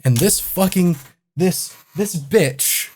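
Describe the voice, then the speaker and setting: A man with a slightly high voice tells a long, rambling travel story. He swears casually and sounds exasperated by each new mishap. It has the loose, conversational feel of a comedy podcast. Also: slow pace, a little mellow. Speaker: podcast co-host.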